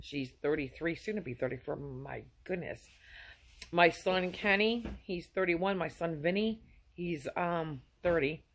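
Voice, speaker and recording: A woman's voice: lowish voice, a little slow, slight background noise. A woman in her fifties sends effusive, rambling holiday greetings to her viewers from her home. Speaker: vlogger.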